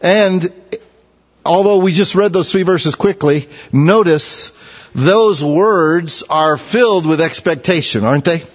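A man preaching a sermon in an earnest, emphatic way, with long pauses, recorded in a church sanctuary. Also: a little high. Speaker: pastor. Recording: dull lo-fi sound with long hall reverb.

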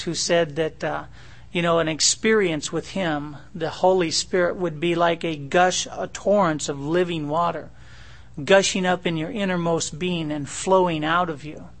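Gravelly high-voiced man preaching. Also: a bit bright. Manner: conversational preaching with fillers and asides. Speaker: pastor. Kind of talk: sermon.

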